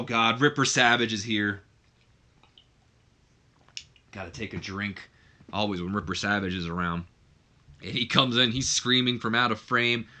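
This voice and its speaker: Man, let's play host, bright tense voice, rambling casual commentary. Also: lowish voice. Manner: rambling, self-correcting.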